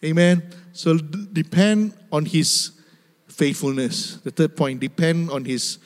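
High-voiced preacher in a reverberant hall. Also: male voice, takes it slowly. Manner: emphatic, repetitive, addresses the church directly, laughs often. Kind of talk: sermon. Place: church hall.

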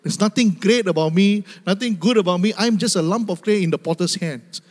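High-voiced preacher in a reverberant hall. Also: male voice, a little fast, darkish tone. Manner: emphatic, repetitive, addresses the church directly, laughs often. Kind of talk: sermon. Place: church hall.

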